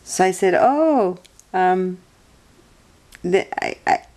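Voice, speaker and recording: A woman telling a rambling personal story in a soft voice, meandering, correcting herself and often laughing. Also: lowish voice, expressive, takes it slowly. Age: adult. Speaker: vlogger.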